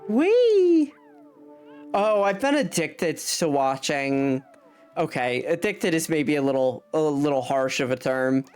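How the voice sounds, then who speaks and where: Low, unhurried woman streamer. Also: a little mellow, clear, resonant tone. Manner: rambling, swears freely, laughs mid-sentence. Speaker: VTuber game streamer. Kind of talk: casual live-stream chat while gaming. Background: faint game music.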